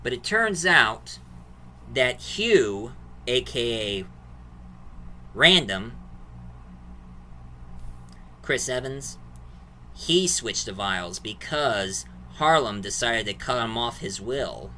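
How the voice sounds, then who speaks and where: Rambling man with a sharp bright voice. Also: medium pitch, animated, slow pace, slight background noise. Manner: rambling plot recap, restarts and fillers. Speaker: movie reviewer. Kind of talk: casual video review.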